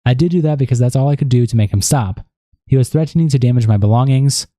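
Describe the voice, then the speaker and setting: A man with a mellow, relaxed voice reads out statements and messages in a plain, steady way. The recording is dry and close, with no room sound. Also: mid-range voice, quick pace, no room sound. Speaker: online commentator. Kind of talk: reading messages and statements aloud.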